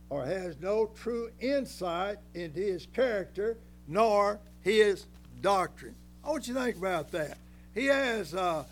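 An older preacher in a high, gravelly voice. He delivers a folksy sermon in emphatic bursts, rising loud and then dropping low. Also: slight background noise.

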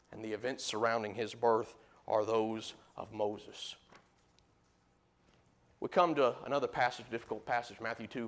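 A man preaching a sermon who moves between loud emphatic bursts and low, quiet asides while reading and explaining scripture.

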